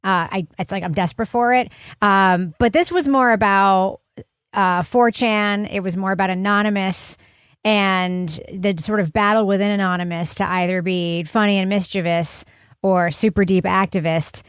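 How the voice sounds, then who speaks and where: A woman leads a casual podcast panel, her voice smooth and clear. She talks in a chatty, emphatic way, with blunt opinions. The sound is dry and close. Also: medium pitch, steady tone, moderate pace, no echo. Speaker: podcast host.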